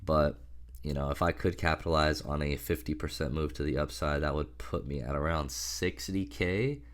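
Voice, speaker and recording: A man's voice: a bass voice, moderate pace. A man with a sick voice, casually talking through his stock portfolio in a loose, rambling vlog with many fillers. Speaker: stock investing vlogger. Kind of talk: casual portfolio update to camera.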